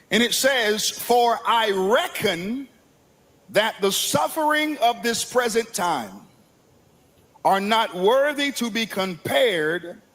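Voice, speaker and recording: A man preaching a sermon, building from slow phrasing to impassioned shouts. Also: high voice.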